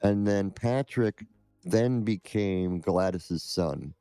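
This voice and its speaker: Low, mellow, unhurried man. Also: no echo, soft background music. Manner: halting, measured. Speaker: scam-baiting streamer, guest. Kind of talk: interview answers.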